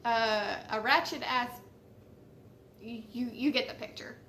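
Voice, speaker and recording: A woman's voice: a little high, a little slow, pushed and bright, a little hiss or hum. A woman casually telling a personal story, chatty and swearing freely, laughing at how silly it was.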